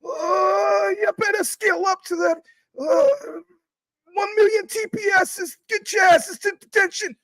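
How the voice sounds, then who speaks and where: A man voicing a frantic, jittery middle-aged male cartoon school principal who shouts in a shrill, strained voice and is always freaking out. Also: fairly even intonation, unhurried, no room sound, low-quality recording. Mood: panicked. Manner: panicky, constantly freaking out.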